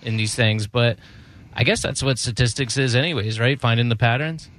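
A man co-hosting a casual sports talk show, reasoning in a measured way with some hesitant restarts. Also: mid-range voice, fairly bright tone, no room sound. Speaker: co-host.

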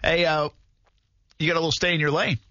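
A man's voice: a little high, flat delivery, a little fast, sharp tone, no echo, highs cut off. A man hosting a sports radio show, chatting easily with his co-hosts and reading out listener messages from a studio microphone. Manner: easygoing, chuckling, reads listener messages. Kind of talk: casual sports talk radio banter.

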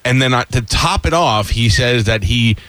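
A man's voice: mid-range voice, lively intonation, normal speed, a bit bright, no echo. Playful teasing male host, dry sound. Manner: playful, teasing, laughs easily. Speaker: interview host. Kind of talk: casual interview chat.

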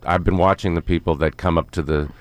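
Deep-voiced actor, halting and easygoing. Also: male voice, fairly even intonation, no echo. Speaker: guest actor. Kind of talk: casual interview chat.

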